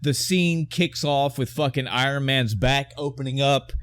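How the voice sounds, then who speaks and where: A man's voice: medium pitch, moderate pace, fairly bright tone, clear, resonant tone. A man co-hosting a podcast, recapping a film in a rambling, profane, casual way and often mixing up names. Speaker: podcast co-host.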